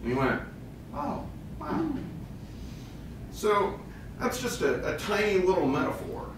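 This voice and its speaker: Lively man telling a case story. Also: high voice, moderate pace. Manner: animated storytelling, acting out quoted voices. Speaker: therapist trainer. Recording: echoey room, distant mic, faint noise.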